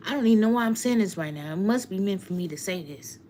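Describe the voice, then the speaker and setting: A woman's voice: mid-range voice, animated, rapid-fire, dark tone, slight background noise. A woman tarot reader speaking heartfelt and emotional on a live stream to her viewers, often laughing.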